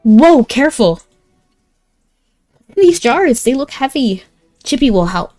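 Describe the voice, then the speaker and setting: Woman doing a little hamster knight guy, talks about himself by name, kinda squeaky-high, soft music under it. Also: big pitch swings, slow, dry recording, exaggerated voice. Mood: nervous. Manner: talks about himself in third person, stammers when nervous. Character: brave but skittish male hamster knight.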